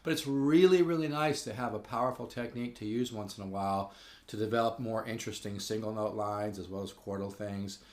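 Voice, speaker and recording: A man's voice: on the low side, brisk, a little mellow. A man giving a casual spoken guitar lesson, rambling with fillers and restarts and growing enthusiastic. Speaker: guitar teacher. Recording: echoey room with guitar playing.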